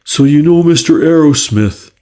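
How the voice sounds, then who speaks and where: A man's voice: fairly high pitch, animated, normal speed, mellow, pitched above the performer's own voice, close to an everyday voice. A man reading aloud, voicing a courteous police inspector who speaks kindly and soothingly, a little testy. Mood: reassuring.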